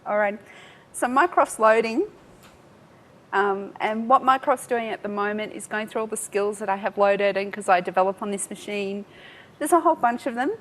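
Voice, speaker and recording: A woman giving a live software demo at a tech talk, chatty and self-mocking, laughing often. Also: medium pitch, moderate pace. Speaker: tech speaker.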